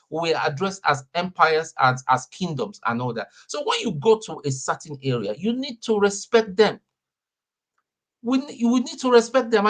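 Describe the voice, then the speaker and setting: A man's voice: high-pitched, a bit bright. A man from Nigeria, calling in to an online debate, talking angrily with lots of stammered repeats. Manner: angry, repetitive, stammering. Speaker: caller. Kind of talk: heated debate.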